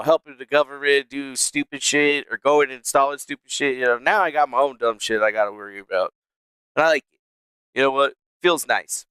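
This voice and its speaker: A man's voice: medium pitch, a bit bright, clean tone, no room sound. A man live-streaming from a small room at home, rambling casually with lots of swearing and laughing to his chat. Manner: rambling, profane, laughs a lot.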